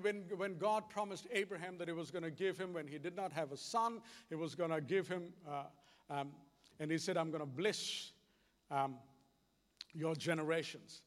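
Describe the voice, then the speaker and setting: A man's voice: on the high side, moderate pace. A man preaching a sermon, telling stories with animation and acting out dialogue. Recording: long hall reverb.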